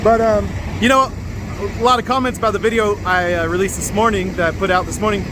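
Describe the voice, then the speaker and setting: A middle-aged trucker with a high-pitched voice talks casually from his cab, rambling along and tossing in "man" and "bro". The hum of the truck and the road sits clearly behind him. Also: steady tone, fast. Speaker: truck driver vlogger. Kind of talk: casual video diary. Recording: vehicle noise behind the voice.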